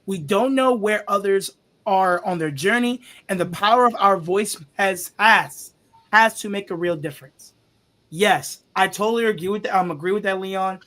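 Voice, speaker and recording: A man moderating a panel talk, emphatic and animated, repeating his points for emphasis. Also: high-pitched. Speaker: moderator, youth football coach.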